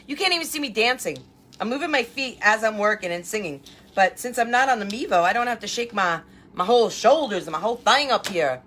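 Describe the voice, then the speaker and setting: Bright-voiced chatty craft host. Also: female voice, a little high, expressive, fairly quick. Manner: chatty, greets viewers by name. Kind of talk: live-stream chat while crafting. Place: at home.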